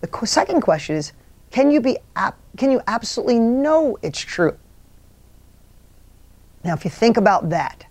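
A man's voice: sits high, darkish tone, dry recording. A middle-aged man giving a motivational talk, earnest and rambling, often restarting his sentences. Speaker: motivational speaker.

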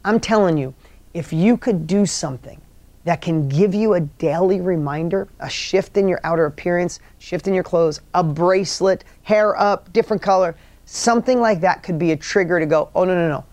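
A man's voice: sits high, normal speed, darkish tone, no echo. A middle-aged man giving a motivational talk, earnest and rambling, often restarting his sentences. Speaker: motivational speaker.

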